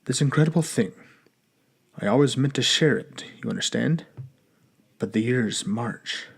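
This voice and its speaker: A man voicing a stern but gentle old Russian grandfather in an audiobook, speaking slowly and weightily in a gravelly voice. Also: mid-range voice. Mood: wistful. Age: older.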